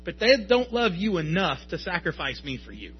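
A man in his thirties preaching a sermon as pastor, emphatic and at times shouting at his peaks. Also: high voice, very animated, moderate pace, breathy edge, highs cut off.

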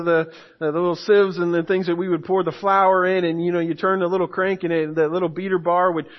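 A man's voice: high voice, dull audio. A man preaching a sermon as pastor, earnest and building to emphatic urgency.

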